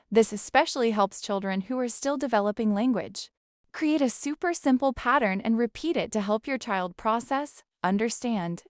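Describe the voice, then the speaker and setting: A woman narrating a scripted parenting lesson, calm and measured, guiding step by step. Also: medium pitch, clear, resonant tone, no room sound, clean studio sound. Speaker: parenting educator.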